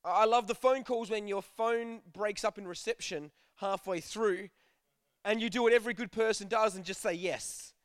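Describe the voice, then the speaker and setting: A man's voice: sits high, normal speed, clear, resonant tone, no room sound, clean studio sound. A young man giving a casual, joking sermon to a youth group, telling stories and acting out bits of dialogue. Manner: chatty, jokey, acts out dialogue. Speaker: youth preacher.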